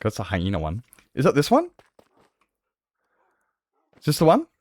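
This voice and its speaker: A man's voice: medium pitch, wildly swooping pitch, a little slow, a little mellow, no room sound. A man chatting casually on a gaming livestream, swearing freely and laughing often. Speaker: streamer.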